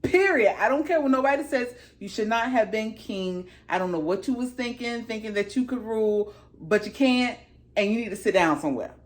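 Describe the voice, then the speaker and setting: A woman giving a casual, slangy recap of a TV episode, speaking with animated emphasis. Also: a little high, brisk. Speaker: TV show reviewer.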